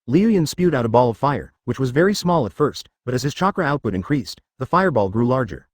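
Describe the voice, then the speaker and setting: A man's voice: medium pitch, very animated, a little fast, dry recording. A man narrating a translated ninja fan-fiction story in a scripted, synthetic-sounding read.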